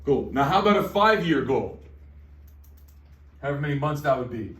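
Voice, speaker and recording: A man giving an energetic sales training talk to a group, repeating his phrases. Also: medium pitch, normal speed. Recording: echoey room, distant mic.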